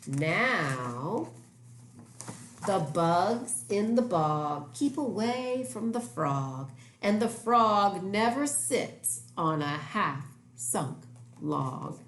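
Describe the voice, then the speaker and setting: A woman reading a picture book aloud to children, animated and exclaiming as she points out the pictures. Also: mid-range voice, drawn-out words. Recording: echoey room with faint noise.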